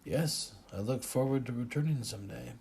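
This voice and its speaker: A man voicing a calm, earnest driver born in Cameroon in an audiobook, speaking politely and in a measured way. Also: medium pitch, creaky, slightly rough.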